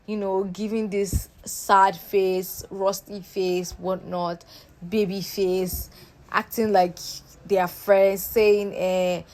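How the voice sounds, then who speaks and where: A young woman recaps a reality show for her viewers in a sassy, chatty manner. Her mid-range voice is a little mellow and flat, and she takes it slowly.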